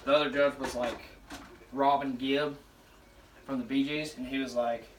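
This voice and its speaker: A young man in his twenties from Alabama rambling and joking in slang while he cooks, pitching himself for a cooking show. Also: steady tone, moderate pace. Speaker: show applicant. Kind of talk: casual audition vlog while cooking. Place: home kitchen. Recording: echoey kitchen, voice from far off, faint noise.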